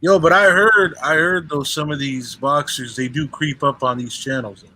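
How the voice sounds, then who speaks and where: Bright-voiced man cutting in insistently. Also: on the high side, fairly even intonation. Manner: insistent, quick to cut in. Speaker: co-host. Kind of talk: casual live-stream chat.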